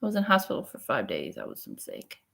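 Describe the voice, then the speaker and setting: A woman's voice: rumbling low, wildly swooping pitch, fast talker, vocal fry, a bit bright. A woman vlogger telling a personal story in a frank, rambling, profane way. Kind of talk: casual storytelling vlog.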